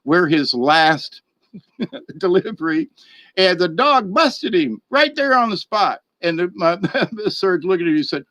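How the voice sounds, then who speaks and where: Man vlogger, rambling chuckling storyteller, higher voice, dry close sound. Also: big pitch swings, measured pace, fairly bright tone, dry recording, dull audio. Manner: rambling, chuckling, repeats words. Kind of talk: casual storytelling.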